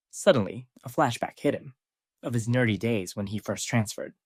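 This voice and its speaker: A man narrating a scripted story recap in a steady storytelling way. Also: medium pitch, normal speed, slightly rough, no room sound, clean studio sound.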